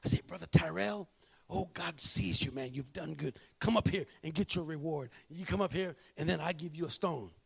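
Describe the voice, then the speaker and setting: A male pastor preaching a sermon, swinging from hushed, drawn-out lines to shouted ones. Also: fairly high pitch, vocal fry, breathy edge.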